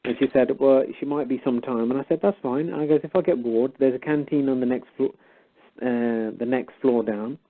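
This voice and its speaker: A man's voice: mid-range voice, steady tone, normal speed. A man casually retelling a story, animatedly acting out both sides of a conversation. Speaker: guest storyteller. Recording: tinny phone-like line.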